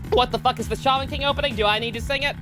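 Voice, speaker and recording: A woman's voice: high-pitched, fairly quick, over music. A woman streaming a game, chatting casually, joking, swearing and laughing as she reads along. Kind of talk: casual let's-play chat with voice reading.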